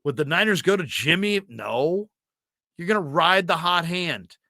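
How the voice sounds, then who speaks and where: A male sports talk host with a bright, fairly high voice, talking casually and in an animated way, often breaking off and restarting his sentences. The sound is dry and close. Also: measured pace, no echo. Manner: animated, self-interrupting storyteller.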